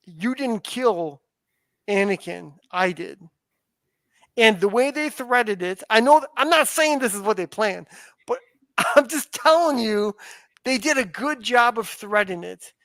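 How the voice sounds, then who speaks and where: A man's voice: very high-pitched, expressive, moderate pace, fairly bright tone, no room sound. A man in casual podcast chat, rambling with restarts and casual swearing. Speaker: podcast co-host.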